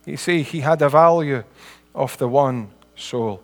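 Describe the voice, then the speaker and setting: A Scottish man in middle age delivers a sermon with a fairly high voice. He talks in an earnest, homely way and builds to emphatic peaks. His voice rings with the long reverb of a hall. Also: a little slow. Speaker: preacher.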